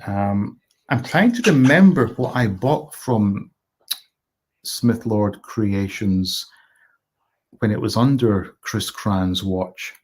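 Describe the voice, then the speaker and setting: A man's voice: on the low side, takes it slowly, breathy edge. A middle-aged man from Scotland hosting a casual live stream, reading viewer comments aloud and greeting chatters by name.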